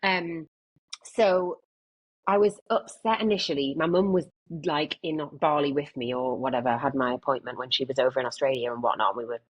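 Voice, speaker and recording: A low, husky-voiced English woman in her late twenties speaks frankly as a podcast guest. She rambles through her thoughts with plenty of restarts and the odd casual swear word. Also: fairly even intonation, normal speed, poor audio. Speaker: guest, content creator. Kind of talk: candid podcast conversation.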